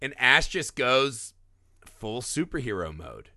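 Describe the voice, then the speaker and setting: A man co-hosting a casual film podcast, animated, acting out movie lines as he talks. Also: medium pitch, slow pace, no echo, studio quality. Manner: animated, quotes movie lines in put-on voices. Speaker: podcast co-host.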